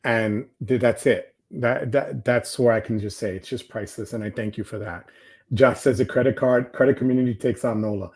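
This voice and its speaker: A man's voice: medium pitch, fairly even intonation, fairly quick, darkish tone. An older retired man hosting a casual livestream chat, heartfelt and rambling, with frequent restarts. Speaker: livestream host.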